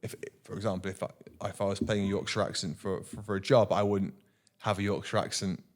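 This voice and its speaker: A man's voice: on the low side, little pitch movement, brisk. A young man, an actor being interviewed, speaking earnestly with many restarts and repeated words. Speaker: actor guest. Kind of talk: casual interview chat.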